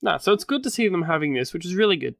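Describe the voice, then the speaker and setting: A man's voice: high-pitched, expressive, rapid-fire, vocal fry, fairly bright tone, dry recording, studio quality. A man with an Australian accent co-hosting a podcast, recapping in a casual, rambling way and correcting himself as he goes. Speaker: podcast co-host. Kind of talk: casual wrestling recap chat.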